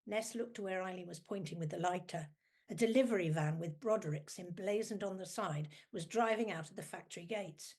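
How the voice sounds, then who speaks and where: A woman's voice: lowish voice, a little fast, a little mellow, husky. A woman novelist reading from her own book, chatty and self-deprecating in between passages.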